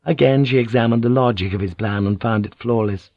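A man reading a novel aloud as narrator, in steady, even storytelling. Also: mid-range voice, a little fast, hardly any pauses, dry recording, muffled recording. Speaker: audiobook narrator. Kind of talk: scripted narration.

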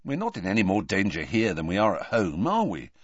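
A man voicing a loyal, blunt and excitable teenage boy in a raised, eager voice. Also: brisk, breathy edge, dry recording, full character voice. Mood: reasoning. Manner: eager, raised pitch, informal. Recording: slightly dull, dry audiobook recording.

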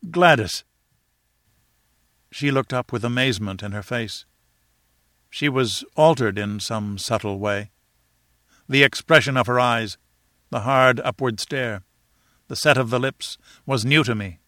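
A man narrates a classic adventure novel with an earnest, dramatic lilt. His voice is bright and forceful, and the recording is dry and close to the mic. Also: medium pitch, unhurried, no echo. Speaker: audiobook narrator. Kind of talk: first-person literary narration.

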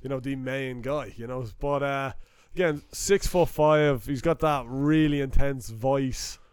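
A man with a medium-pitched, clear, resonant voice speaks unhurriedly in a dry, clean studio recording. He's a podcast host in casual chat, telling stories as a chatty storyteller who uses lots of fillers and laughs easily.

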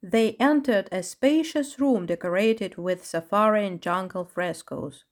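A woman narrating a children's story in a clear, even reading voice. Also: medium pitch, unhurried.

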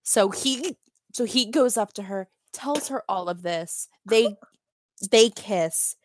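Slow-talking woman in casual chat. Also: mid-range voice, expressive, dry recording. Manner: chatty, restarts and trails off. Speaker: podcast co-host.

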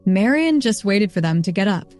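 Brief: female narrator, even storybook delivery, middle pitch, light music bed. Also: moderate pace. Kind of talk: scripted narration.

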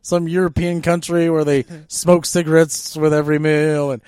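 A man co-hosting a movie podcast, ranting in an animated, exasperated way with lots of fillers. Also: a little high, moderate pace, clear, resonant tone, no room sound, clean studio sound. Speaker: podcast co-host. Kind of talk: casual movie-rant chat.

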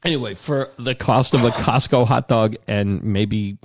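A man hosts a casual podcast in a loose, joking manner, cursing freely as he chats. His voice sits at an ordinary pitch. It sounds close and dry, with no room around it. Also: unhurried, no echo. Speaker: podcast host.

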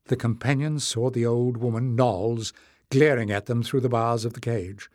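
A man narrating a fantasy audiobook in clear, even storytelling. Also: medium pitch, moderate pace, no room sound, clean studio sound. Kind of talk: scripted narration.

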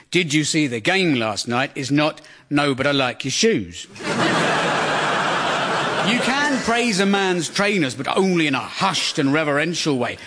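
A man's voice: a little high, background noise. A man giving a sardonic stand-up monologue as host of a radio comedy show. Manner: wry, sardonic, deadpan.

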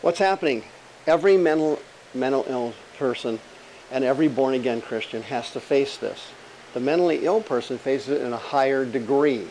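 A male pastor preaching an animated, emphatic sermon full of rhetorical questions and jokes. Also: medium pitch, moderate pace, slight background noise, rough recording.

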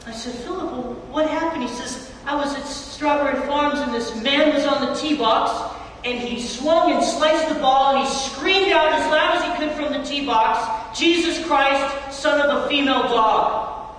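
A middle-aged man preaching a sermon, telling stories with a voice that surges high and loud, then drops soft. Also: moderate pace, a little hiss or hum. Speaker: youth pastor. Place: large church hall. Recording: echoey hall from far off.

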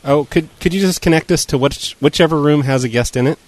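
A man making a prank phone call, posing as an official in a stumbling, deadpan way. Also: fairly high pitch, fast talker. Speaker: prank caller and show host.

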